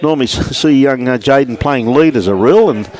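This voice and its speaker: A man's voice: medium pitch, a little fast, a little mellow. Chatty Australian bowls commentator man. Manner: chatty, greets viewers by name. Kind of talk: live sports commentary. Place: indoors at a bowls club.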